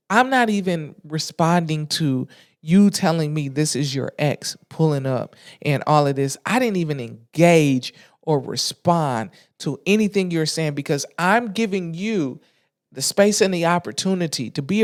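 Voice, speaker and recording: A podcast host telling a story in casual, animated talk, exasperated, with slang and frequent restarts. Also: mid-range voice.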